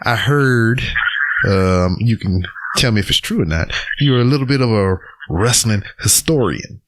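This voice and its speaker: A man's voice: fairly low pitch, lively intonation, measured pace. A man hosting a podcast, chatting casually and laughing often. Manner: laid-back, laughs often, fillers. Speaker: podcast host. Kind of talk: casual interview chat.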